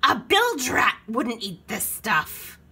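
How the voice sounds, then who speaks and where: A woman's voice: fairly high pitch, big pitch swings, takes it slowly, vocal fry, bright, forceful tone, husky, exaggerated voice. A woman voicing a blustering male pirate captain in a storybook reading, hollering in pirate talk. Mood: disgusted.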